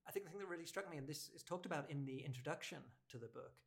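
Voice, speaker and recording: Measured, reflective voice in book chat. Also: medium pitch, creaky. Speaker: bookshop podcast co-host. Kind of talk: casual conversational discussion.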